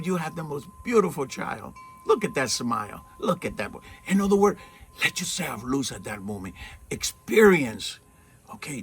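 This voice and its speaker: Earnest, lively-voiced man preaching outdoors. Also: high-pitched. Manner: earnest and encouraging, asks rhetorical questions, often checks in with "okay?". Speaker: spiritual teacher. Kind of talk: informal spiritual talk to camera. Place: outdoors in the shade at his home, with trees and mountains. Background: faint outdoor ambience with birds and wind chimes.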